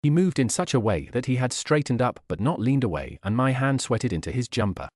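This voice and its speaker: A man narrating an audiobook in an expressive, wry manner on a studio mic. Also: medium pitch, fairly quick, no room sound.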